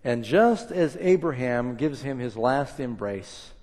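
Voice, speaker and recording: A male preacher tells a story to a congregation, swinging from loud, forceful lines to quiet, hushed ones. He acts out the quotes in the tale. His voice carries a long reverb from a large hall, at a medium pitch. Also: lively intonation, takes it slowly. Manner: dramatic retelling with acted quotes, swinging between loud and hushed. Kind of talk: sermon storytelling.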